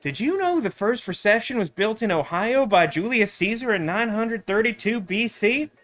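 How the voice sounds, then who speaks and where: A dim but cheerful young beat cop chirps out silly facts with eager confidence, as a man reads him aloud. The voice is high and bright, with faint music behind it. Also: lively intonation, normal speed.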